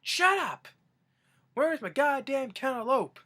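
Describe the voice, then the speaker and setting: Cast: a young man impersonating a raging old grandpa, high screechy hollering, sharp tone. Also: animated, fairly quick. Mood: screaming rage. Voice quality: screechy, high strained yelling. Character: furious old grandpa, shrieking and cursing.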